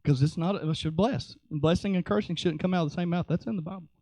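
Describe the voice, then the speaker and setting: A man preaching a sermon in a lively, joking way, acting out little voices as he teaches. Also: high-pitched, fast talker, no room sound. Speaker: pastor.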